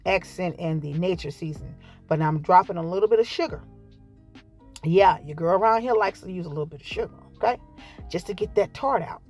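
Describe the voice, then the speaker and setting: Woman cooking host, lower voice, chatty and folksy, faint music behind. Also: darkish tone. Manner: chatty, folksy, calls viewers y'all and baby. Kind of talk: casual cooking vlog narration.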